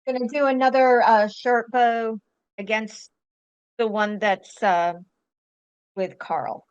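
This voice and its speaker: Sex: woman. Role: player. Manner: tentative. Pitch: fairly high. Sound: dry, close. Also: steady tone, takes it slowly, clean tone, no room sound, lo-fi sound. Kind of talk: tabletop game chat.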